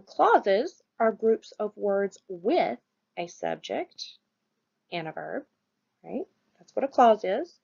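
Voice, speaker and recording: A woman teaching a grammar lesson, patient and steady, who keeps checking in with her class as she explains. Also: a little high, gravelly, lo-fi sound. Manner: patient, checks in with "right?" and "all right?".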